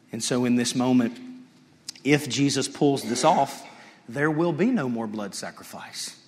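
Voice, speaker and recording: A man preaching a sermon, swinging from loud and high to hushed and low. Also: animated, measured pace. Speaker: pastor. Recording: long reverb of a large hall.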